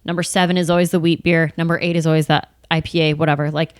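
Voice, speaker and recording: A woman in her thirties chatting on a podcast, telling work stories in a lively way and acting out the people in them. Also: sits low, rapid-fire, clear, resonant tone, no echo, clean studio sound. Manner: animated storytelling, acts out bar customers and managers. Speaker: comedian guest. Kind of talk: casual podcast chat.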